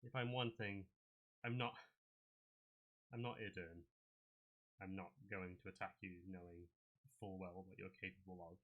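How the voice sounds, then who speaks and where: A man voicing a wary, honorable male adventurer in a tabletop game, speaking in measured, earnest tones. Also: low-pitched, fairly even intonation, phone-quality sound. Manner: measured, earnest in-character speech.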